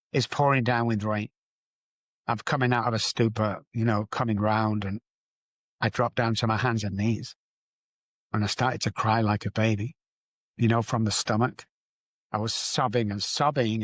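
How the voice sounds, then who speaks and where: A man as a podcast guest, speaking candidly and emphatically about addiction, repeating phrases for stress. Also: dry recording. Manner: emphatic, repetitive, rises in pitch for stress. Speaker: guest, addiction recovery doctor. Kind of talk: candid interview storytelling.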